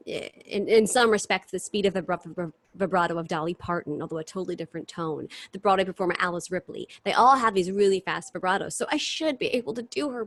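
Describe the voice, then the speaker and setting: A woman's voice: mid-range voice, no echo. Chatty woman, dry close sound. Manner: chatty and animated, long rambling answers with restarts. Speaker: guest, stage singer and impressionist. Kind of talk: casual interview chat.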